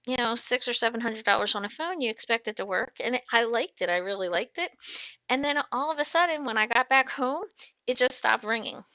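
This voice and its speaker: A middle-aged woman trucker talks loosely through a live chat, answering viewers with laughs and lots of fillers. Her voice is bright and forward, recorded close with almost no room sound. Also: mid-range voice, no echo. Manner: chatty and bubbly, frequent laughs and fillers. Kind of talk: casual livestream chat reading comments.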